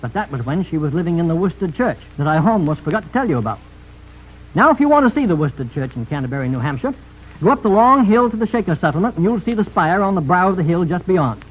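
A man's voice: sits high, very animated, fast, lo-fi sound. A man telling a story in a folksy radio style, chatty asides to the listener.

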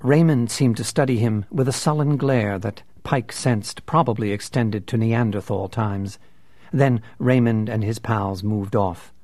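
A man narrating an audiobook in a measured, unhurried way. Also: on the low side, darkish tone, no room sound.

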